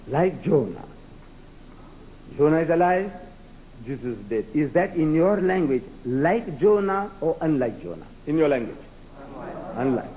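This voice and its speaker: A man's voice: high voice, mellow, lo-fi sound, a little hiss or hum. A man from South Africa whose first language is Gujarati, giving a rhetorical, challenging public lecture to a live audience. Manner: rhetorical, challenging, acts out debates with mock voices.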